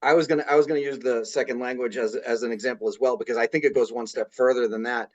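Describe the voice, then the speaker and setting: Halting man from Boston. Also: medium pitch, fairly even intonation, lo-fi sound. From Boston area, USA. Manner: halting, repeats words while starting sentences. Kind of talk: casual podcast conversation.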